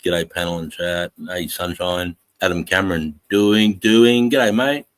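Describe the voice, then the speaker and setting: A man's voice: low voice, fairly even intonation, a little slow, clear, resonant tone, no echo. An Australian man hosting a livestream panel, swearing constantly and laughing often in crude casual chat. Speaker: livestream host.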